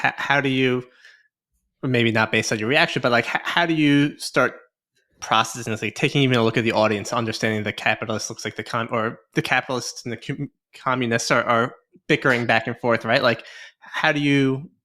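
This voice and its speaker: A man hosting a podcast, asking questions in a halting way and rephrasing as he goes. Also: medium pitch, fairly even intonation, sharp tone. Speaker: podcast host. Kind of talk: casual interview questions.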